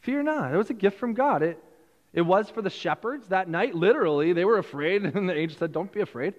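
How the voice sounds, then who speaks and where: A man with a fairly high voice preaches a Christmas sermon in a church sanctuary. He keeps it conversational, repeating phrases and restarting as he goes. His words ring out with a long hall reverb. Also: animated, brisk, lo-fi sound. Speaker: pastor.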